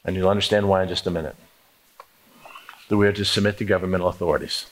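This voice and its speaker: A man's voice: low-pitched, fairly even intonation, quick pace. A man preaching a sermon, emphatic, acting out prayers and inner talk in the first person. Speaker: pastor.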